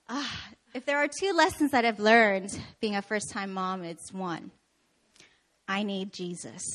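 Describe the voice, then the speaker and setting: Woman preacher from Canada, high pitch, animated and laughing at herself in the pulpit. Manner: animated, laughing, self-deprecating. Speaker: pastor. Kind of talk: sermon with personal stories.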